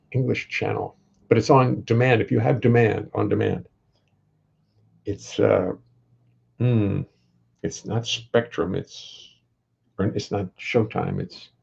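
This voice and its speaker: A man's voice: on the low side, vocal fry, darkish tone, breathy edge, highs cut off. An older man hosting a casual livestream from his home, rambling in a wry way and greeting viewers by name.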